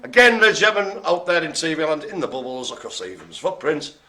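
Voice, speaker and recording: Jokey man calling bingo live, bright voice with lots of pitch swing, playful asides. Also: sing-song, fast. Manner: joking, wordplay, playful asides. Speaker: bingo host.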